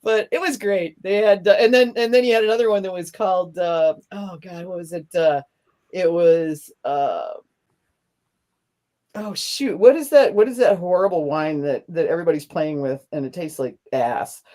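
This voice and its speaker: Chatty woman with a lowish voice. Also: normal speed, warm tone. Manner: chatty, rambling, laughs often. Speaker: podcast host. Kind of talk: casual chat.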